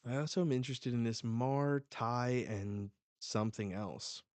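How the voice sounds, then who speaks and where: A man hosting a live manga reading reaction, reading panels aloud with excited outbursts. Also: medium pitch, a little slow, no echo.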